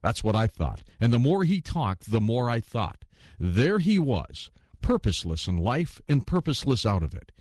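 A man narrating a ghost story as an audiobook, reading in an expressive storytelling manner. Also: medium pitch, normal speed, no echo, clean studio sound.

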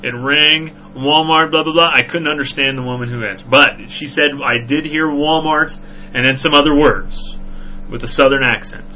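A man hosting a podcast, telling a story in a rambling, animated way with frequent "right?" asides. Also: medium pitch, moderate pace. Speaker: podcast host. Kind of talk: casual storytelling chat. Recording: dull lo-fi recording with faint hum.

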